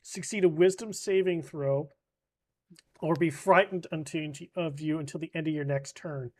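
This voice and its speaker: Gm talking someone through their sheet, patient, keeps rephrasing, mid-pitch voice. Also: moderate pace, darkish tone. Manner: patient, methodical, restarts to rephrase. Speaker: game master. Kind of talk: explaining rules in a casual online game session.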